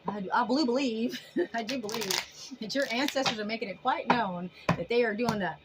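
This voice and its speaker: A woman giving a casual tarot reading to her viewers in an animated, emphatic way, often laughing. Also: a little high, brisk, heavy background noise. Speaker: tarot reader.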